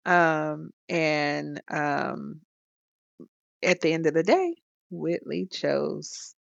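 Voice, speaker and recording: A woman's voice: low voice, lively intonation, extremely slow, creaky, no echo, muffled recording. A woman co-hosting a podcast in casual chat, retelling a TV scene with frequent laughs and fillers. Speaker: podcast co-host.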